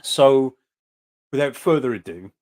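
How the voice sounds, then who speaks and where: A man's voice: medium pitch, lively intonation, a little slow, darkish tone. A British man hosting a casual live stream, greeting viewers by name in a chatty, rambling way with many fillers. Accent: British English. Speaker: host of a live stream for snake breeders.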